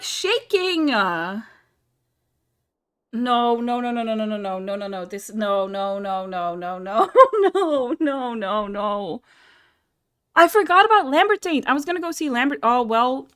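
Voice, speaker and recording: Giddy high-voiced young woman streamer. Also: fairly bright tone. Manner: giddy, laughing, flustered. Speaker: streamer playing a story game. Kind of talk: excited live reaction commentary. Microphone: headset with earbuds.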